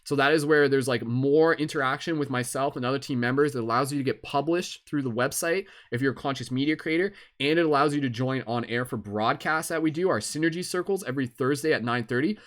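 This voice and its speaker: A man's voice: mid-range voice, fast talker, hardly any pauses, fairly bright tone. A young man with a Canadian accent hosting a live stream, chatting casually and rambling with lots of fillers. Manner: laid-back, rambling, with many fillers.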